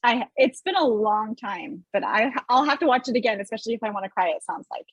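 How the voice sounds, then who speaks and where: A woman guest on a podcast, talking in a thoughtful, supportive, measured way. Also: on the high side, lively intonation, breathy edge, no echo, poor audio. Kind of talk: casual chat.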